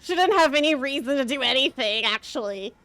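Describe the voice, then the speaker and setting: A woman's voice: sits high, animated, a little fast, pushed and bright. A woman streamer ranting to her chat, impassioned, exasperated and sarcastic by turns. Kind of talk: live-stream rant to chat.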